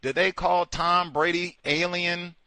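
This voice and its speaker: A man's voice: high voice, little pitch movement, slow pace, sharp tone, smooth, dry recording. A man hosting a satirical call-in show, talking in a sardonic way with mocking asides. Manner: sardonic, switching between mocking voices and asides. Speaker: radio show host.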